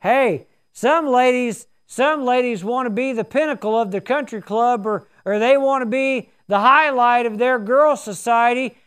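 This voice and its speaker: Slow, high-voiced older pastor. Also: male voice, a bit bright, smooth. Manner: folksy, earnest storytelling. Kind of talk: sermon.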